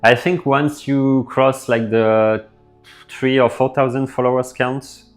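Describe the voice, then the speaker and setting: Taking his time, the coding streamer reads chat messages aloud and replies on the spot, his thoughts full of fillers and his manner relaxed. His voice is mid-range, with faint music behind him.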